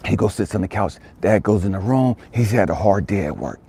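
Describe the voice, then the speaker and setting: A man's voice: fairly low pitch, expressive, a little fast, dark tone, husky. A man telling a motivational story, emphatic and fond of repeating phrases for effect. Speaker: motivational speaker.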